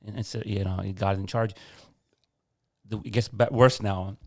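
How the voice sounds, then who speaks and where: Earnest low-voiced man telling his story. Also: moderate pace, no echo, clean studio sound. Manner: earnest, animated storyteller who acts out conversations. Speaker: podcast guest. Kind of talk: personal story in a casual interview.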